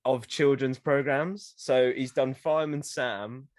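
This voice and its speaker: A man co-hosting a casual podcast, rambling and correcting himself as he goes. His medium-pitched voice sounds dry and close. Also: fairly even intonation, a little slow, no echo. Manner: rambling, self-correcting, giggly. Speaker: podcast co-host. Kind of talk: casual chat.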